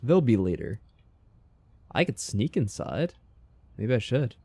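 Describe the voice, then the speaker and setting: A man's voice: mid-range voice, takes it slowly, creaky, no room sound. Playful man streaming a game. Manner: playful and animated, reacting aloud. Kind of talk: casual let's-play chat.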